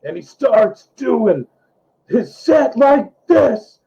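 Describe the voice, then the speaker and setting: A man's voice: very high voice, sing-song, extremely slow, creaky, breathy edge, dull audio. A man who is a comedian, chatting as a podcast guest in an easygoing, laughing way. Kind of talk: casual chat.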